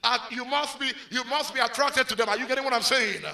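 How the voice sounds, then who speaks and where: A male pastor preaching a sermon, animated and full of call-and-response prompts to the congregation. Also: very high-pitched, quick pace.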